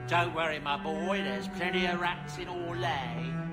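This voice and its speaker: A man's voice: a little high, unhurried, loud music behind the voice, lightly acted. A man voicing a chatty old dwarf servant. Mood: fond. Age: older. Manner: folksy rambling chatter with chuckles. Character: aging dwarf manservant, chatty, kindly, fatherly.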